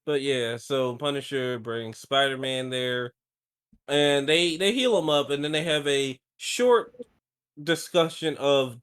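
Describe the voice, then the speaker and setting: A man's voice: medium pitch, slow, fairly bright tone, smooth. A man co-hosting a casual chat, making sarcastic, wry remarks. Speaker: podcast co-host.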